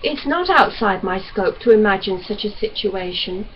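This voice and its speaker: A calm young doctor, voiced by a woman reader, talks in a measured, reasonable tone, coaxing rather than pushing. The mid-range voice comes through a dull recording with faint hiss behind it. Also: mid-range voice, lightly acted.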